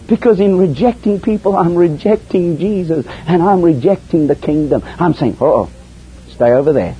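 A man preaching a sermon, dropping to hushed lows and rising to soaring, emphatic highs. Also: normal speed. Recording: dull lo-fi sermon recording with faint hiss.

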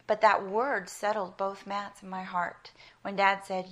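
A woman's voice: mid-range voice, fairly even intonation, unhurried, fairly bright tone. A middle-aged woman from South Africa with an American accent, preaching an earnest sermon built on personal stories. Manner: earnest, emphatic, storytelling.

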